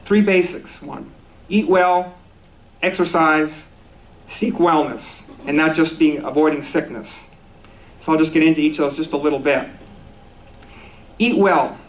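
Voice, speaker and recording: A man's voice: a little high, unhurried, pauses often, slight background noise, rough recording. A man giving a conversational sermon at a spiritual center, easygoing and self-deprecating, with restarts and small laughs.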